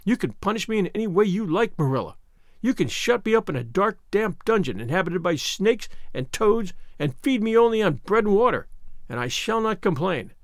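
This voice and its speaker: A man's voice: high-pitched, very animated, normal speed, dry recording, clean studio sound. A man reading an audiobook, voicing a passionate, imaginative young orphan girl who pleads and argues dramatically. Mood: defiant.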